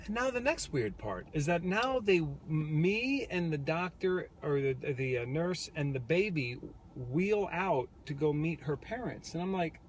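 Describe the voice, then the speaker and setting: A man's voice: on the high side, lively intonation, measured pace, a little hiss or hum. Earnest young father telling a story. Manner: earnest, reflective, with many restarts. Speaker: vlog co-host, new father. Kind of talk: casual storytelling. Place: parked car.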